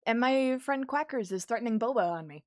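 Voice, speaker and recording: A young woman streamer chatting casually with her viewers while she draws, easily excited and quick to laugh. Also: fairly high pitch, no echo, clean studio sound. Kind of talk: casual livestream chat while drawing.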